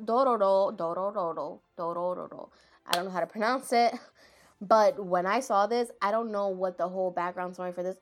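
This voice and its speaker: A woman chatting casually about anime, rambling, laughing and often stopping to correct herself. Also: mid-range voice. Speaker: anime vlogger. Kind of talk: casual chat.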